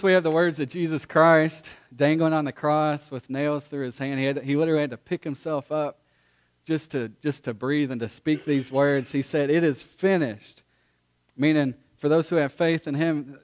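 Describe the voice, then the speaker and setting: A man preaching a sermon in church, earnest and emphatic, with pauses and restarts. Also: on the high side. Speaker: pastor. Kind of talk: sermon with scripture reading.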